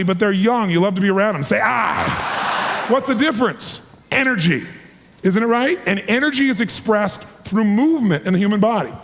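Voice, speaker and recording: A man in his forties giving an energetic, emphatic seminar talk to a live audience, calling for responses. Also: high-pitched, a little hiss or hum. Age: 40s. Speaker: motivational speaker. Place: large hall with a live audience. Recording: long hall reverb.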